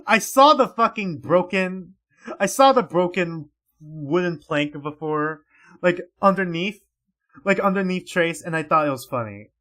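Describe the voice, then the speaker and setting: A man casually reacting to a webcomic on a livestream, excitable and crude, swearing freely. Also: sits high, unhurried.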